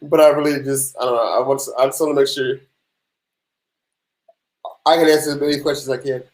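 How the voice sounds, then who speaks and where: A man's voice: mid-range voice, steady tone, a little fast. A young man, hosting a casual tax Q&A livestream, laid-back and sleepy, chatting with viewers between answers. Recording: echoey room.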